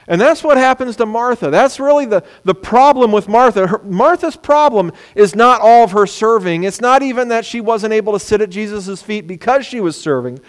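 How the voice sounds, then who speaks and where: A man preaching a sermon, animated, sometimes acting out the words of people he quotes. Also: high-pitched, moderate pace, few pauses. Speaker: pastor. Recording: long hall reverb.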